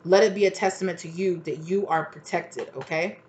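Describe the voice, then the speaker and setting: A woman doing a casual tarot reading, rambling and animated, swearing freely and acting out what people say. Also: lowish voice, a little fast, a little hiss or hum. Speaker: tarot reader.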